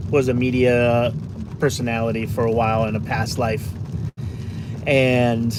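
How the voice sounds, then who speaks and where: Rambling man live-streaming from his car. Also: mid-range voice. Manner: rambling storyteller with many fillers and restarts, reads out viewer comments. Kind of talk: casual live-stream chat. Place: in a car, driving around town. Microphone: phone. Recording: car and street noise behind.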